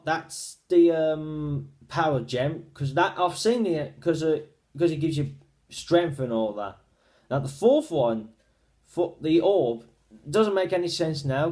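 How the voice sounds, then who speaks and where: A man giving a casual spoken film review, retelling the plot in a rambling, halting way with frequent restarts. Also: a little high, darkish tone.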